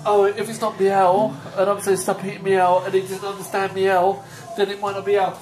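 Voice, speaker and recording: A man's voice: high-pitched, completely flat delivery, normal speed. A man playfully grilling a pet cat in a mock interrogation, drawing out his questions and laughing between them. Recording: roomy home video from a distance, faint music.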